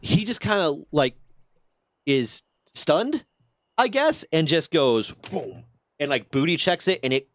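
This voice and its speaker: Profane, animated male streamer. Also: a little high, slow pace, dry recording, clean studio sound. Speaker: livestream host. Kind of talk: casual storytelling to a stream chat.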